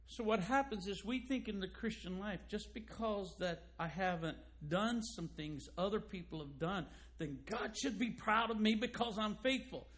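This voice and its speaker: Male pastor preaching, higher-pitched voice, emphatic and building to loud peaks. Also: expressive, normal speed, few pauses. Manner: emphatic preaching, rising loud on key points. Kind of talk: sermon.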